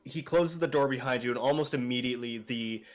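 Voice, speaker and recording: A man's voice: medium pitch, fairly quick. Young male game master, loose rambling narration, casual and profane. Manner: casual, rambling with fillers and swearing.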